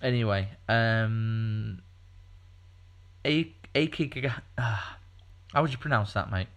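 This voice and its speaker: A man's voice: on the low side, steady tone, measured pace, fairly bright tone, clear, resonant tone. A man co-hosting a podcast, talking casually in a rambling way with lots of fillers. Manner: rambling, chatty, many fillers and restarts. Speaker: podcast co-host.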